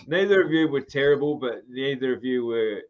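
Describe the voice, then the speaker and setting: A man's voice: medium pitch, fairly quick. Australian male podcast host, easygoing, a bit lo-fi, rambling with filler words. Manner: relaxed, swears freely, trails off with ums. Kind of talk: casual podcast chat.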